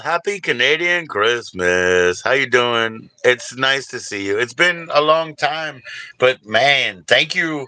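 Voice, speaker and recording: Older dude rambling on his live stream, super bouncy pitch, crisp bright voice, dry sound, keeps saying you know and man. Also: lively intonation, slow pace, no echo. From Washington DC area, US. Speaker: livestream host. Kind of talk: casual livestream chat with viewers.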